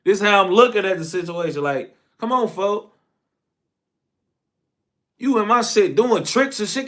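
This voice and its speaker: A man tells a casual story full of slang and profanity, swinging from shouted outbursts to low mumbled asides. He is unhurried and pauses often.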